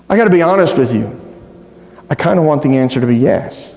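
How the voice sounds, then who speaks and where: A man's voice: mid-range voice, lively intonation, fairly quick, gravelly, a little mellow. A man preaching a sermon as a pastor, conversational and playful, often asking his congregation questions. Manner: playful, self-deprecating humor. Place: church sanctuary. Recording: roomy hall with long reverb.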